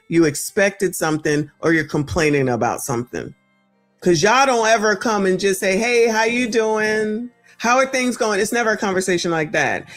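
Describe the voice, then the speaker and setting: An American woman in her forties or fifties hosts a reaction commentary channel, addressing viewers in a sassy, blunt manner. Her voice sits in the mid range.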